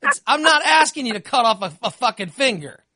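A man hosting a podcast, chatting casually and ranting with animated, profane energy. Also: very high voice, brisk, breathy edge, no echo, clean studio sound. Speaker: podcast host.

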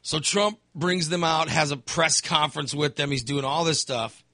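A man's voice: fairly high pitch, moderate pace, no echo, clean studio sound. A man in casual talk, ranting about politics, sighing, swearing and mocking what others say. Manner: animated, mocking quotes of others, swears, sighs.

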